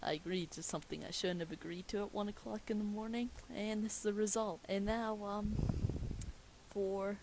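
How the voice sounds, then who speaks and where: A woman's voice: mid-range voice, steady tone, normal speed, background noise. Sarcastic woman reading a script. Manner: sarcastic, self-mocking asides. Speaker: script reader. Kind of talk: casual, comic script reading.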